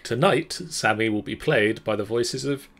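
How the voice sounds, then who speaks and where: A man running a tabletop game as game master, speaking in a dry, laid-back way with pauses. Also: mid-range voice, fairly bright tone.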